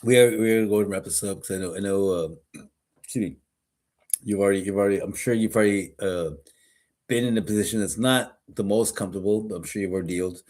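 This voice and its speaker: A man's voice: lowish voice, fast, darkish tone. A man co-hosting a podcast in casual chat, a rambling storyteller who repeats words and laughs often. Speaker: podcast co-host.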